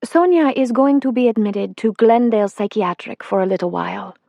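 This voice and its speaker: A woman reading an audiobook puts on a kind female doctor with a slight accent, set a little higher than a plain reading voice. She speaks in a gentle, measured, reassuring way. The sound is close and dry, with no room around it. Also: gravelly, no echo. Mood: calm reassuring.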